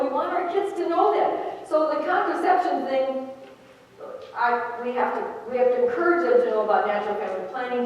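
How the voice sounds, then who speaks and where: A woman's voice: mid-range voice, a little hiss or hum. Older woman giving a chatty talk in an echoey church hall. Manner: chatty, storytelling, laughing at her own jokes. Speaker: retreat speaker. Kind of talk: retreat talk. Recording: echoey hall, far from mic, dull.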